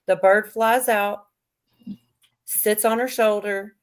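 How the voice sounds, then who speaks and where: Brief: middle-aged woman, livestream host, rambling giggly joke-teller, mid-pitched voice. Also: steady tone, slow. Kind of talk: casual chat, telling a joke.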